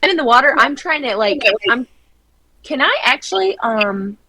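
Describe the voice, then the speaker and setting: A woman playing a tabletop game, blunt and quick to swear, hesitant when asking the game master things. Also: sits high, big pitch swings, pushed and bright, slight background noise, poor audio. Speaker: player. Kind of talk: casual tabletop play.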